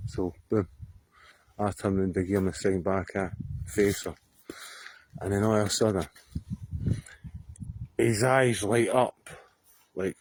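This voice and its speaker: A man's voice: lowish voice, normal speed, long pauses, a little mellow. A Scottish man telling a story to camera outdoors on a hillside, rambling, swearing freely and often laughing. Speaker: vlogger.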